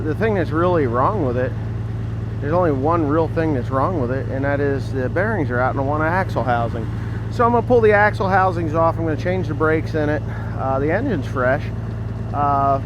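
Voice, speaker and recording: A man's voice: on the high side, noisy background. A man in his fifties, a farmer, chatting to the camera outdoors among his equipment in a rambling, offhand way with a dry sarcastic streak. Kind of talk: casual farm vlog talking to camera.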